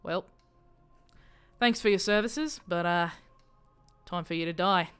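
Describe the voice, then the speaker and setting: A woman's voice: fairly low pitch, measured pace, fairly bright tone, smooth, soft background music. A woman plays a brash female warrior in a tabletop game. She is blunt and profane and has no patience for the trials set before her. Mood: cold. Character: foul-mouthed female warrior, brash and fed up.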